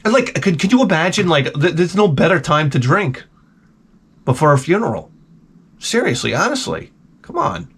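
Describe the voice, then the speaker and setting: A vlogger in his forties tells stories in a rambling, profane, wry monologue. His voice is a little high and sing-song, husky and a bit bright, at a moderate pace.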